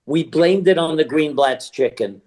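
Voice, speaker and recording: A man's voice: a little high, normal speed, darkish tone. An older man, a guest actor, telling casual stories and acting out the voices of the people he quotes. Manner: chatty storyteller, acts out quoted voices.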